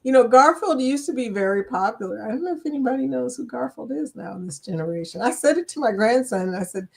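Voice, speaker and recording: A chatty older woman with a lilt hosts a casual livestream, reading out viewers' names and laughing easily. Her voice sits a little high for a woman. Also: expressive, fast talker, creaky, slightly rough. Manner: chatty, laughs often, greets viewers by name. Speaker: livestream chat host.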